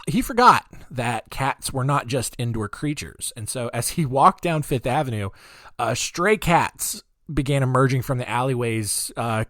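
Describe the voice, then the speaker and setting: A podcast host with a deep, groggy morning voice tells odd history stories with sarcastic asides. His delivery is loose and rambling, full of "uh" and "um," and it sounds dry and close to the mic. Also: fairly bright tone, dry recording. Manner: rambling, jokey asides, frequent fillers. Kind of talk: casual comedic storytelling.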